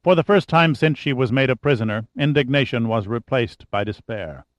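A man reading a novel aloud in steady, measured scripted narration. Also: medium pitch, dry recording. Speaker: audiobook narrator. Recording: dry, slightly dull audiobook recording.

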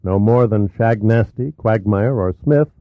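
A man's voice: fairly low pitch, measured pace, no room sound, close to an everyday voice. A man reading the part of a sardonic male adventurer in an audiobook, curt and sarcastic. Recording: tinny phone-like, dry.

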